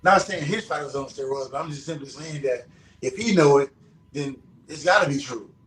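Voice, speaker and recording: In an echoey room with a little hiss or hum, a former pro boxer speaks as an interview guest. His voice is a little high and a bit bright, at a moderate pace, and his casual talk is blunt, emphatic and heavily profane.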